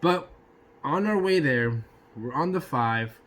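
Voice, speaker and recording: A man telling a casual personal anecdote in an animated way, swearing freely and throwing in sound effects. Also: mid-range voice, takes it slowly. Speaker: storyteller.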